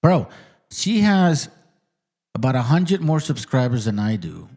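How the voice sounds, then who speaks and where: Man, podcast host, lively swooping pitch, profane banter, casual. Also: a little slow. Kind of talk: casual chat reacting to a video.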